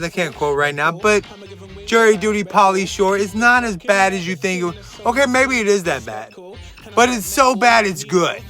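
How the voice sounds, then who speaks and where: A man hosting a casual monologue recommending movies, rambling excitably with jokey asides. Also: high voice.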